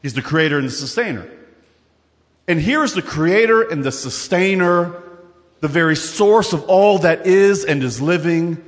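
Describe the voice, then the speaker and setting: A man preaching a sermon in an animated, conversational way, with quick asides and repeated words as he works through scripture. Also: high voice, long reverb tail. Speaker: pastor.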